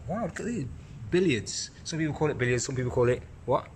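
A man's voice: medium pitch, lively intonation, fast, music in the background. A man vlogging as a dad, playfully teasing and coaching while filming on a handheld camera at a pool table in an indoor entertainment centre. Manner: playful, teasing, repeats a catchphrase. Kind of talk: casual chat.

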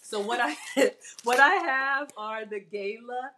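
A woman's voice: fairly high pitch, takes it slowly, pushed and bright, slight background noise. A middle-aged woman hosting a live cooking stream, chatting casually with viewers and a guest and laughing often.

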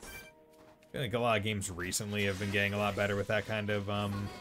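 Brief: male streamer, Boston accent, lowish pitch, bright edge, loose rambling chat, faint game music underneath. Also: level tone, quick pace. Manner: rambling, lots of fillers and laughs. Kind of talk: casual let's-play chat.

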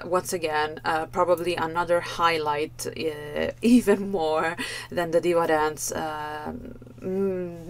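A woman's voice: low voice, a little hiss or hum. A woman vocal coach talking through a performance in a thoughtful way, with many fillers, sometimes singing short vocal sounds to show a technique. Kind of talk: reaction video analysis.

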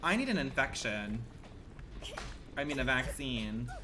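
A man livestreaming a game in campy, slangy commentary that swings between loud outbursts and low mutters. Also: sing-song, measured pace, noisy background. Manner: campy and dramatic, full of slang. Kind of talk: live gameplay commentary. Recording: loud game music under the voice.

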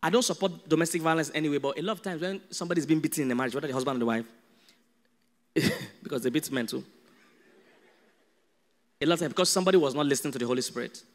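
A man with a Nigerian accent preaching a sermon as a pastor, animated and humorous. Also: fairly high pitch, fast talker, pauses often, in a large hall. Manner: animated, humorous, acts out dialogues.

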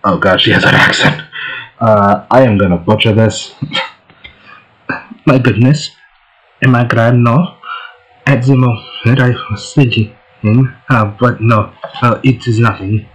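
A man's voice: mid-range voice, takes it slowly, long pauses, rough recording. A man hosting a let's play, giving casual gameplay commentary in a laid-back, joking way.

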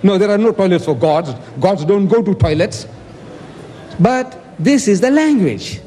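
A man's voice: high-pitched, animated, a little slow, dark tone, in a large hall, slight background noise. A man giving an emphatic debate speech, quoting scripture and asking rhetorical questions.

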